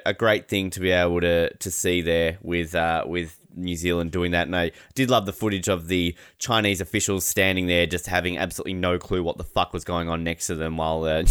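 A man's voice: fairly low pitch, a bit bright, clear, resonant tone, no room sound, clean studio sound. An Australian man co-hosting a casual podcast, ranting and swearing while he mimics other people. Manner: ranting, swearing, mocking voices. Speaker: podcast co-host.

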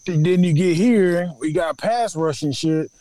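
A man's voice: a little high, a little slow, warm tone. A man co-hosting a casual sports podcast, talking in a laid-back, agreeable way and often trailing off mid-sentence. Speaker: podcast co-host. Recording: faint background hiss.

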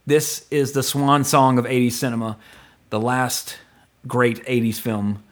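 Middle-aged guy hosting a movie podcast, rambly and chatty, cusses now and then, average pitch. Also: little pitch movement. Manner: chatty, rambling, swears casually, quick asides. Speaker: podcast host. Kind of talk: casual movie review chat.

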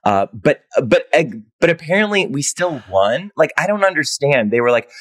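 A man's voice: on the high side, sing-song, moderate pace, few pauses, dry recording. A man chatting as a guest co-host on a podcast, telling a story with plenty of ums and uhs. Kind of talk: casual podcast chat.

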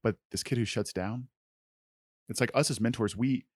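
A man co-hosting a faith-based podcast about mentoring youth, talking in a relaxed way with lots of "like" and soft trailing endings. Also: mid-range voice, normal speed, breathy edge, no room sound, clean studio sound. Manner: relaxed and conversational, full of "like", trails off softly.

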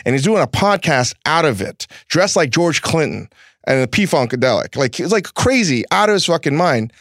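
A man with a fairly high voice hosts a podcast and cuts into the talk with blunt, profane remarks. He speaks in a casual, conversational way. The recording is dry and close. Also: sing-song, normal speed, a bit bright, no echo. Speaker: host.

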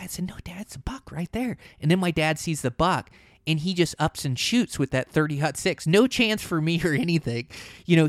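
A man telling a hunting story in a casual, rambling way, often saying "you know" and "like", and getting animated when the action picks up. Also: on the high side, no echo, clean studio sound.

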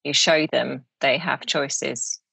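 A woman's voice: very deep voice, fairly even intonation, slow pace, gravelly, bright, forceful tone, breathy edge, dry recording, low-quality recording. A woman hosting a podcast interview, conversational and leading her guest with questions. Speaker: podcast host.

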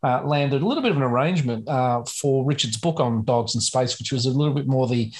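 A man co-hosting a podcast in casual chat. He talks at an unhurried pace, pausing often and filling the gaps with "uh". His delivery is loose and conversational. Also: mid-range voice. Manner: slow, halting, many "uh" fillers. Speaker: podcast co-host.

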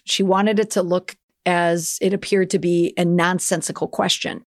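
A woman hosts a public relations podcast in a chatty, opinionated way and now and then tosses in playful mock accents. Her voice sits slightly low, and it is recorded close and dry with no room sound. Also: level tone, measured pace, few pauses, no room sound. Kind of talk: casual commentary.

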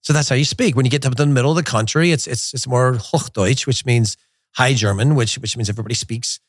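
A middle-aged man hosting a soccer show in a studio, talking in an animated, digressive and blunt way. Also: medium pitch, quick pace, dry recording. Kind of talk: casual opinionated talk. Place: glass-walled studio in a resort. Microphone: studio mic.

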